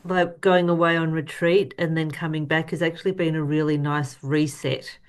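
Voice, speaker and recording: A woman, a podcast guest, speaking slowly and reflectively in casual chat. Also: low-pitched, level tone.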